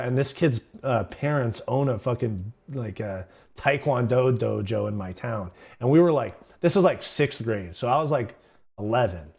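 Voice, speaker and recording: A man's voice: medium pitch, moderate pace, vocal fry, darkish tone. A young man hosting a livestream, telling stories casually in a rambling, slangy, profane way. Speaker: livestream host. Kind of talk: casual storytelling.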